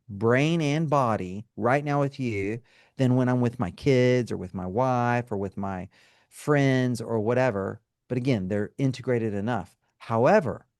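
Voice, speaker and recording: A man's voice: medium pitch, darkish tone, dry recording, clean studio sound. A male counselor and trauma specialist, a guest in an interview, explaining things in a teacherly way and often checking in with "right?" and "okay?".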